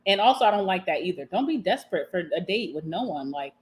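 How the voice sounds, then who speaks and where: A young woman vlogger talking casually and candidly to camera while eating, sassy and quick to laugh. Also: lowish voice, animated. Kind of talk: casual mukbang chat to camera.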